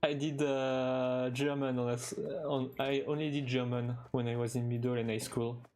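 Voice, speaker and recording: Chatting with his audience during a live gaming stream, a young Frenchman speaks in a halting manner, often starting sentences over, tripping on fillers and laughing now and then. He has a French accent and a mid-range, flat-sounding voice that's slightly mellow.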